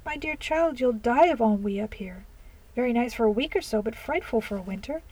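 A woman's voice: on the high side, lively intonation, a little fast, darkish tone. A woman reading aloud, voicing a fashionable young society woman who speaks with theatrical dismay.

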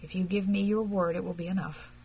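Woman as a hushed, deferential male constable, husky; storybook reading. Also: lowish voice, steady tone, quick pace, low-quality recording. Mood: reassuring.

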